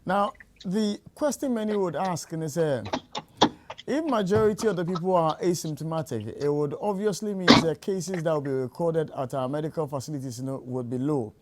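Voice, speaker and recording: A man's voice: fairly high pitch, moderate pace, very noisy. A man with a Ghanaian accent hosting a radio talk show, asking probing questions and mixing Twi with English.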